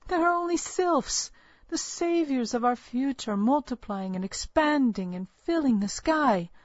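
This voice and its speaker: A woman's voice: sits high, animated, measured pace, dry recording, voice pushed up. A woman reading a story aloud, voicing a stern and secretive older village midwife who talks in a curt, bitter, scolding way. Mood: bitter, fervent. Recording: dull, lo-fi, dry recording.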